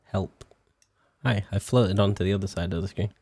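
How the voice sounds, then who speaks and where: A man's voice: sits low, moderate pace, vocal fry, darkish tone, dry recording. A young British man streaming a game in casual chat, self-mocking and sweary, stretching out words as he tries to spell them. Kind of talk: casual live-stream chat while playing.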